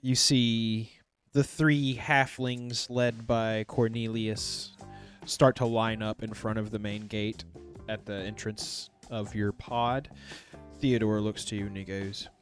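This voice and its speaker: A man narrating as game master of a tabletop role-playing game, in a relaxed, loose storytelling way. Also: on the low side, slow pace, soft background music.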